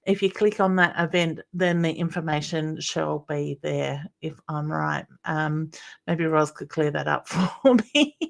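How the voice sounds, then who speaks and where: A woman's voice: low voice, fairly even intonation, measured pace, gravelly. An Australian woman hosting a live stream, chatting with viewers by name, calling them honey and rambling with lots of ums. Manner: rambling, with many ums and uhs. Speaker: psychic medium hosting a weekly live stream. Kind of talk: live-stream chat, reading viewer comments aloud.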